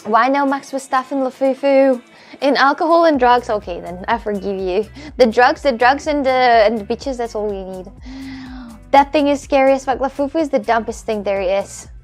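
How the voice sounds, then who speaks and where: A woman's voice: on the high side, normal speed, faint music behind. A woman with a Russian accent chatting casually on a live stream from home, rambling and often stumbling over and repeating her words.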